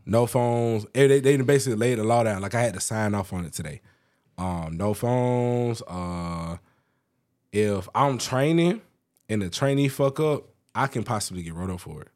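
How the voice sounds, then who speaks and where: A young man casually telling work stories on a podcast, loose and profane. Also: normal speed. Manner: laid-back storytelling, profane, lively pitch. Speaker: podcast co-host. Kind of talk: casual chat.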